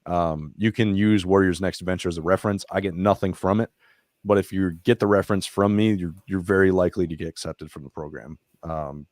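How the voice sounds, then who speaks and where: A man with a low, deep voice talks as a veteran and nonprofit founder on a podcast. He tells his stories casually and candidly, swears freely, and lets his emotion show as he retells events. The sound is dry and close, with little room echo. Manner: profane, emotional, animated retelling. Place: podcast studio.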